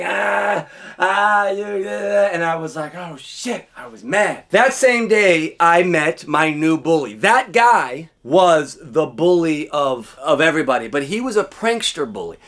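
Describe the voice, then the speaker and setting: A man spins a childhood story in loose, cursing vlog talk, voice sitting a little high for a man. He jumps between hushed, low asides and sudden yelps as he acts the scenes out. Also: lively intonation, unhurried, hardly any pauses. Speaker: vlogger telling a childhood story. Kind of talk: casual storytelling.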